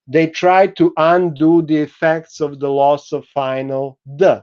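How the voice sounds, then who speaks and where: Male lecturer, a fairly high, smooth voice, dull lo-fi recording. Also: a little mellow. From Serbia. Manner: patient, explanatory, halting with frequent fillers. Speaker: university lecturer.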